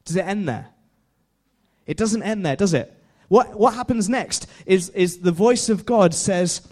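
Young guy preaching, high voice, chatty sermon, laughs a lot and keeps asking the crowd stuff. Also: measured pace, darkish tone. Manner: chatty, laughs often, asks the audience questions. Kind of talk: informal sermon.

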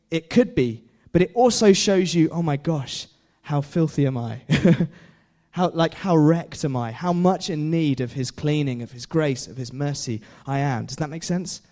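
A man's voice: high-pitched, warm tone. A young man preaching a casual sermon, chatty, laughing often and putting questions to his listeners. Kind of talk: informal sermon.

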